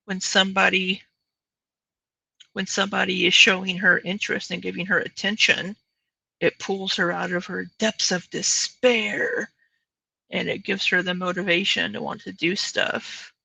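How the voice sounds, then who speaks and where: Woman host, sarcastic commentator; gravelly and husky, close and dry sound. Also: mid-range voice, little pitch movement, measured pace, sharp tone, no echo, rough recording.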